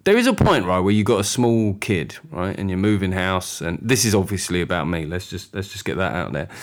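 A man's voice: deep voice, animated, a little fast. A middle-aged man hosting a podcast, talking candidly in a sweary, rambling way. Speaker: podcast host. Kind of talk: casual monologue.

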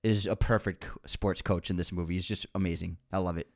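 A man's voice: deep voice, fairly even intonation, brisk, vocal fry, darkish tone, no room sound, clean studio sound. A young man co-hosting a casual film podcast, gushing with enthusiasm and laughing often. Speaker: podcast co-host.

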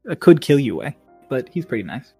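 A man's voice: medium pitch, sing-song, a little fast, warm tone, breathy edge, no room sound, faint music behind, voice pushed up. A man voicing a laid-back, blunt woman sailor with a Cockney accent and clipped, offhand phrasing.

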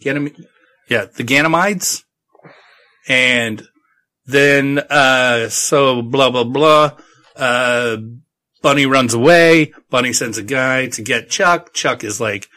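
A man recaps a book in a loose, rambling way, irreverent and quick to swear. His voice is bright and forward, at a middle pitch for a man.

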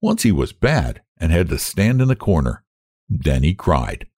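Expressive male audiobook narrator. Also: sits low, a little slow, husky, dry recording, studio quality. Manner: expressive storytelling.

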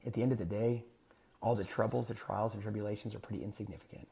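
Middle-aged male life coach, gravelly timbre, earnest and rhetorical, motivational monologue. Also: on the low side, fairly even intonation, fast, dark tone. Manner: earnest, repetitive, rhetorical questions.

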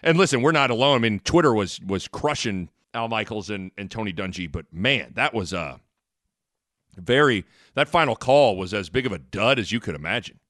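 A man's voice: lowish voice, lively intonation, moderate pace, a bit bright, no echo, studio quality. A man co-hosting a sports talk podcast, talking earnestly with many restarts and rambling asides.

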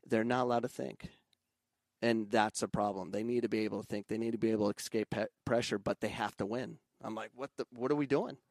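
A man with a fairly low, gravelly voice talks about youth soccer in a loose, conversational way. He often jumps up in pitch to mimic other coaches and shouting parents. The sound is close and dry, with no room around it. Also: little pitch movement, brisk, no echo. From Arizona. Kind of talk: casual podcast conversation.

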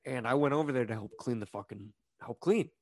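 A man's voice: medium pitch, brisk, dry recording. Young guy cohost, medium voice, jokey and sweary, dry close mic. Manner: joking, swears a lot. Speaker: podcast co-host. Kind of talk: casual chat.

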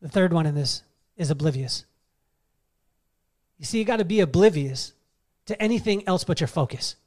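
High-voiced energetic motivational speaker, man. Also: normal speed. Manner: energetic, emphatic, storytelling. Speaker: keynote speaker. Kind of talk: motivational speech. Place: live summit stage.

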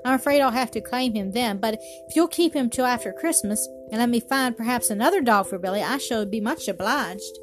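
A courteous gentleman in his sixties speaks with formal, old-fashioned politeness, as a woman reads him. The voice sits fairly high. Soft music plays faintly underneath. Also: fairly quick, few pauses, close to an everyday voice. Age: 60s. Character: kindly older wealthy gentleman, formal and polite.

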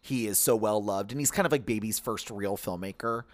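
A young man co-hosting a podcast in casual chat, rambling and animated, with lots of filler words. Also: lowish voice, a little fast. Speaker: podcast co-host.

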